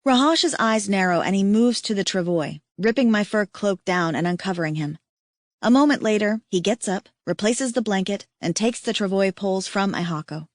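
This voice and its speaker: A woman's voice: medium pitch, brisk, dry recording. Woman narrating an audiobook, close and dry. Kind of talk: first-person audiobook narration.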